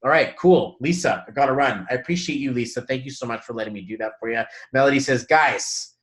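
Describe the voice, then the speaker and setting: A man's voice: mid-range voice, quick pace. A man hosting a live stream as a numerology reader, upbeat and effusive, greeting viewers by name and speaking in spiritual, motivational phrases. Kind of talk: live-stream chat with viewers, giving readings.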